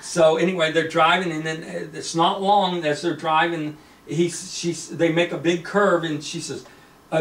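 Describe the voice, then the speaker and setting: A man pitching a screenplay retells a story casually, rambling with lots of fillers and restarts. His fairly high, slightly bright voice stays fairly even at a normal speed. He's recorded in an echoey room on a distant mic.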